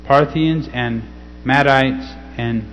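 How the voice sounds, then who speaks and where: A man reading scripture slowly and teaching in a casual way, often checking in with "okay?". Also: mid-range voice, a bit bright. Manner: slow, deliberate scripture reading. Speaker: pastor. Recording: slightly dull recording with faint hum.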